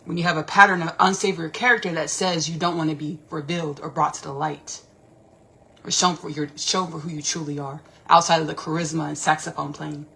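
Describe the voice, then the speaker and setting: A woman hosting a casual livestream, talking in an animated, rambling, slangy way and repeating herself often. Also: low voice, a little fast, creaky. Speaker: podcast host.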